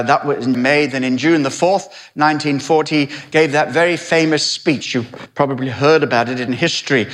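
A man's voice: medium pitch, fairly bright tone. A man in his sixties preaching a sermon, telling history with dramatic delivery and wry asides. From Britain.

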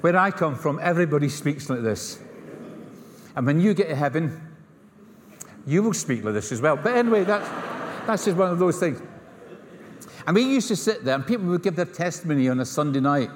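A man's voice: fairly high pitch, expressive, fairly quick, long pauses, a little hiss or hum. A middle-aged man from Scotland with a Scottish accent, preaching a sermon and telling stories with humorous asides and acted-out dialogue. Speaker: pastor. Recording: long hall reverb.

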